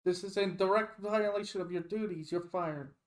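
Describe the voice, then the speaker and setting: A man's voice: sits high, steady tone, fast, fairly bright tone. A man voicing an angry male doctor who barks indignant orders. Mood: furious. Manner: barking and indignant.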